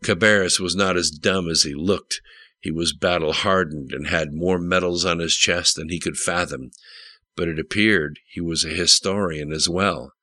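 A man narrating a political thriller audiobook in a steady, measured way. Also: sits low, dry recording. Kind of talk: scripted narration.

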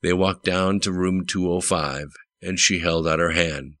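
A man narrating an audiobook with steady, plain storytelling. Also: low voice, unhurried, dry recording.

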